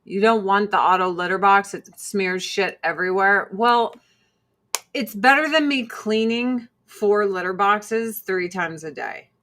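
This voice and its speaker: Slow-talking, foul-mouthed woman in her forties. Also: medium pitch, fairly bright tone. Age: 40s. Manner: blunt and profane, talks to her cats. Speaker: vlog host. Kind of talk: casual livestream chat.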